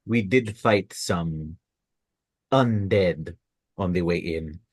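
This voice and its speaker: A man playing a tabletop game, speaking formally and in measured tones as his character. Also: low-pitched, breathy edge, no echo, studio quality. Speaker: player. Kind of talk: in-character tabletop role-play.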